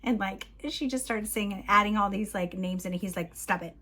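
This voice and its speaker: A woman's voice: medium pitch, normal speed, bright, forceful tone. A woman book vlogger chatting casually through plot recaps, giggling often and leaning on "like" as she goes. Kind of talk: casual book review chat.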